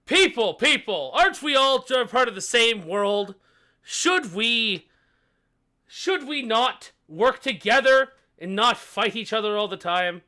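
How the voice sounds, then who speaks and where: A man's voice: very high-pitched, lively intonation, takes it slowly, bright, forceful tone, voice pushed up, heavily acted. A man voicing an earnest human king in a tabletop game, pleading for peace among rival rulers. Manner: pleading, rallying.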